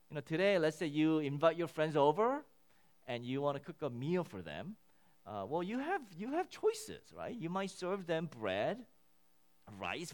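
A man preaching a sermon, teaching through a scripture passage in an animated way, often repeating and restarting words. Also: fairly high pitch. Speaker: pastor.

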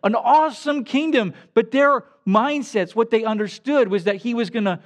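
A man preaching who reads scripture and then pauses to explain it in plain, everyday words. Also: very high-pitched. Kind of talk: scripture reading with casual commentary.

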